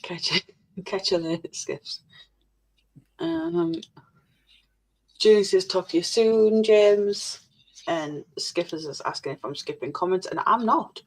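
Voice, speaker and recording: A woman's voice: mid-range voice, animated, slow pace, vocal fry, pauses often, low-quality recording. A woman co-hosting a live stream in casual chat, reading viewer comments aloud with dry, jokey swearing.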